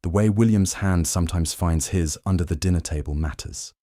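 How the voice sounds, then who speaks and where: A man narrating a history story for sleep in a calm, slow, soothing scripted style. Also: low voice, no room sound, clean studio sound.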